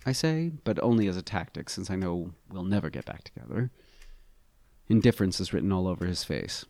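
A man reading a first-person story aloud with a wry, expressive delivery. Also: deep voice, a little fast, creaky, no echo. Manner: expressive, wry, animated inflections. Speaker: narrator.

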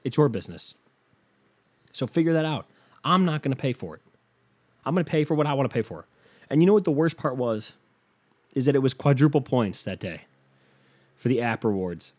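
Ranting, profane man with a dark voice. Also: mid-range voice. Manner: ranting, profane, acts out quoted people. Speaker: comedic vlogger. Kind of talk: casual comedic rant to camera.

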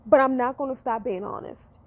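A woman with a high-pitched voice holds forth in a blunt, profane rant. She swears freely and keeps driving her point home by saying it again and again. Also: a little fast, creaky, muffled recording. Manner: blunt and profane, repeats herself for emphasis.

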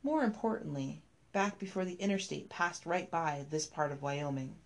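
A woman reading a scripted story aloud, telling it in a measured, even way. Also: sits low.

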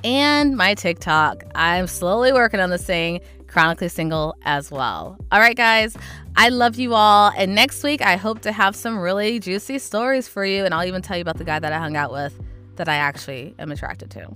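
A young adult woman hosting a podcast, telling a dating story in a casual, animated and exasperated way, with lots of "like". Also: medium pitch, moderate pace, soft background music. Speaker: podcast host.

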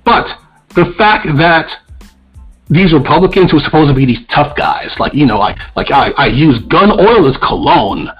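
A man's voice: a little high, animated, moderate pace, slightly rough, lo-fi sound, faint music behind. A man co-hosting a podcast in casual, opinionated talk, blunt and profane as he rants. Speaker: podcast co-host.

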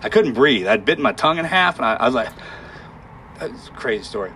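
A man telling a harrowing war story in conversation, halting and emotional, with sighs and restarts. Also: mid-range voice, big pitch swings, sharp tone, a little hiss or hum.

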